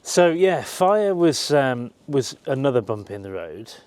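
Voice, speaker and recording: A man hosting a relaxed interview in a mid-range voice, chipping in with short prompts and questions. His voice sounds dry and close, with no room echo. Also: medium pitch, a little slow. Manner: brief encouraging prompts and questions. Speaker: interviewer host. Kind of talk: casual interview.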